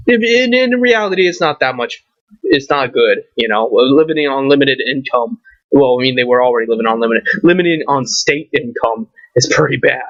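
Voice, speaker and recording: A man's voice: medium pitch, lively intonation, brisk, fairly bright tone, no echo. A man ranting and swearing to camera, firing off rhetorical questions. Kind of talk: profane rant to camera. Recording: dull lo-fi recording.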